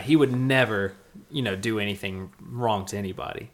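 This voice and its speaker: A man's voice: lowish voice, steady tone, moderate pace, fairly bright tone. Rambling young male podcast co-host. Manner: rambling, with fillers like "you know" and "like". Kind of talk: casual storytelling chat.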